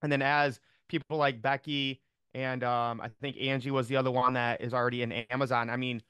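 A man's voice: mid-range voice, level tone, brisk, fairly bright tone, clean tone, no room sound. A man chatting on a video call, upbeat and rambling, with many fillers and restarts. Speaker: team member on a call. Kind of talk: casual chat on a video call.

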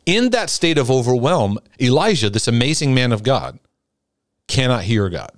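A middle-aged man teaching in a sermon-like broadcast, acting out pleading prayers in a high voice. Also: big pitch swings, moderate pace, no echo, studio quality. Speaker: Christian teacher and coach.

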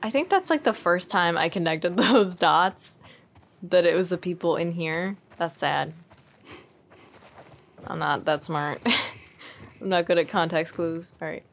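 A woman's voice: fairly low pitch, unhurried, creaky, pauses often, a little hiss or hum. A young woman giving casual, chatty let's-play commentary, giggling and poking fun at herself. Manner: chatty, giggly and self-deprecating. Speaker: gaming streamer.

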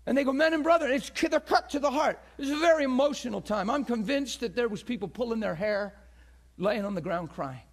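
High-voiced man preaching with fierce swings. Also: animated, a little fast. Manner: swings from loud shouting peaks to hushed near-whisper; acts out quoted crowd voices with gasps. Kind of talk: passionate sermon.

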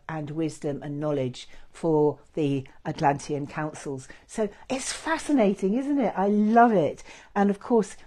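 A woman leading a guided meditation with chanting, gentle and effusive, with many fillers. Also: low voice.

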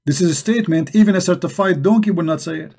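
A man hosts a live religious debate stream, speaking quickly in a high, darkish-toned voice. Mocking and emphatic, he keeps repeating rhetorical questions into his computer mic.

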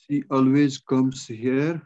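Male teacher with a Nepali accent, mid-pitched, slow deliberate dictation, dull lo-fi recording. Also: fairly even intonation, mellow. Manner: slow, measured dictation, repeating sentences word by word. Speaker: English teacher. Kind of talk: exam-prep grammar lesson.

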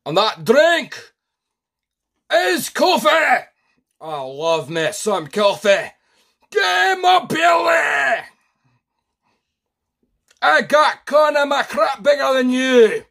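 A man doing a shouting Scottish pub lad. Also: slow, creaky, hardly any pauses, exaggerated voice. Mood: rowdy. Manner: put-on Scottish accent, shouting, high and excited. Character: rowdy male Scottish pub-goer, boisterous.

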